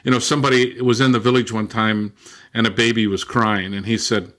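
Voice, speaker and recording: An older man, a linguist and former missionary, telling stories in an interview in a relaxed, rambling way full of restarts and fillers. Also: lowish voice, fairly quick. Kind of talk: casual interview storytelling.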